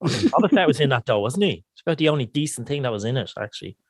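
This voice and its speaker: Man, casual group chat, animated, very expressive pitch, dry close sound. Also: slightly rough, dry recording. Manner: rambling, animated, laughs a lot, does quick voice impressions. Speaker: podcast panelist.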